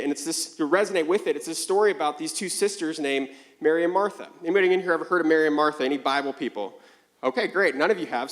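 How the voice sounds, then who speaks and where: A young man preaching a sermon as a pastor, telling a story with lively back-and-forth dialogue and acting out both voices. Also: sits high. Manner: animated storytelling, acts out both sides of conversations.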